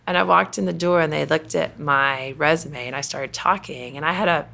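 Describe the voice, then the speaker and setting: A company president from Kentucky, middle-aged with a Southern accent, recounts her story in a conversational interview, filling it with fillers. Her low voice is creaky, bright and forceful, at a moderate pace.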